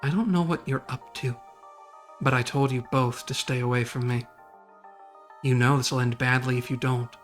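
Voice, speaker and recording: A woman's voice: rumbling low, fairly even intonation, moderate pace, pauses often, soft background music. A woman voicing a cold, guarded teen girl who talks in a curt, irritated way.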